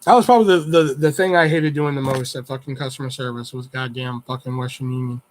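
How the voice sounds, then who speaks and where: A man's voice: medium pitch, fairly even intonation, fast talker. A man hosting a livestream, telling stories in a rambling, heavily profane, casual way. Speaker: livestream host. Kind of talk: casual storytelling chat.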